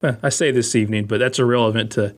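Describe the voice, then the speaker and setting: A man's voice: medium pitch, fairly even intonation, quick pace. A man hosting his own podcast, talking in a casual, chatty and enthusiastic way. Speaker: podcast host.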